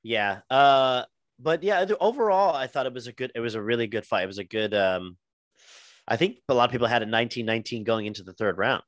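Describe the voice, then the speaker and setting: A man's voice: mid-range voice, fast, dry recording. A man co-hosting a podcast in casual chat, rambling with many ums and restarts. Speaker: podcast co-host.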